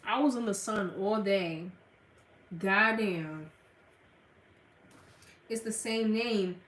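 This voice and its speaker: A woman's voice: mid-range voice, takes it slowly, a bit bright. A young woman from the Gulf Coast with a Southern accent, livestreaming and chatting bluntly with her viewers, laughing often. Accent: Southern American. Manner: blunt, laughing, slangy, talks to chat. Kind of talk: casual livestream chat. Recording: echoey room, mic at a distance.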